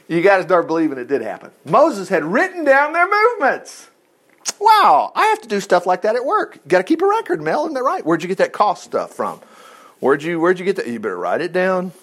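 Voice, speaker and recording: Man, folksy Bible study teacher, somewhat high voice, very lively pitch, jokey asides. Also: fairly quick. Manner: folksy, jokey, reads scripture aloud and acts out quotes.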